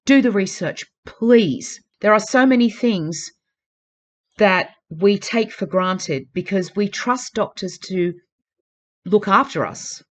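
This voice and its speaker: A woman talking straight to her viewers in a casual vlog. Her voice sits at an ordinary middle pitch. She sounds earnest and urging, and she keeps repeating her pleas to drive the point home. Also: animated, slow. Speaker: vlogger. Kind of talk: casual talk to camera.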